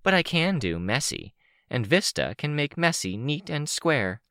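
A man voicing a young woman who threatens softly, barely above a whisper, in an audiobook. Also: a little high, sing-song, a little slow, no echo, studio quality, voice pushed up, exaggerated voice. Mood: threatening.

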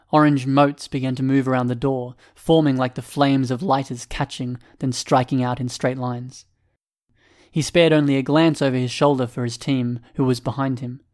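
A man narrating a story in a steady, measured reading voice. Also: mid-range voice. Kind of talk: scripted narration.

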